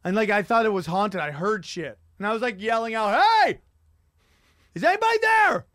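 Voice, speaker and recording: Guy with a high voice doing a sweary comic rant on his podcast, dry close sound. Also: a little fast, no room sound. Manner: animated, profane storytelling. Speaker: podcast host.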